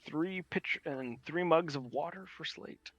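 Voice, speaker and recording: Bright-voiced male game master. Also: a little high, unhurried, no echo, dull audio. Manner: rambling, filler-heavy narration. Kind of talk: narrating a tabletop game.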